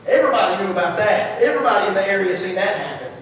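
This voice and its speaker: Male preacher, folksy and lively, high voice, distant mic in a booming church hall. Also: very fast. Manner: folksy, energetic, rhetorical questions. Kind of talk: sermon. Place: church sanctuary.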